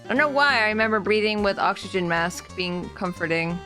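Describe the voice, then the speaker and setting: A woman's voice: mid-range voice, animated, a little fast, sharp tone, faint music behind. A young woman streamer chatting casually and giggling as she plays a game and reads chat aloud.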